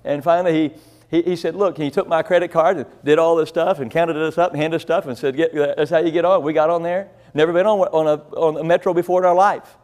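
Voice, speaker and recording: A middle-aged man raised on an Illinois farm delivers a storytelling sermon. His voice sits high for a man, and he rambles through the anecdote with folksy, self-deprecating humor. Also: fairly even intonation, fast, darkish tone. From rural Illinois, USA. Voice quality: deaf in one ear. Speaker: pastor.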